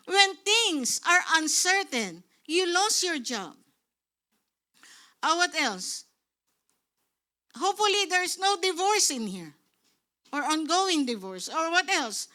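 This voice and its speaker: A middle-aged woman pastor with a Filipino accent delivers a sermon with a high, bright voice. She speaks at an unhurried pace and keeps calling out to the congregation for amens. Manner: lively preaching, switching into Tagalog, calls of "Amen?".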